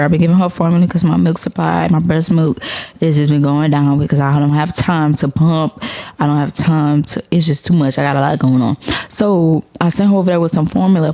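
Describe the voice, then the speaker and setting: A young woman hosting a podcast, telling a story to her listeners in a loose, profane, animated way, with frequent laughter. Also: sits low, gravelly. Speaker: podcast host. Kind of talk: casual storytelling to viewers.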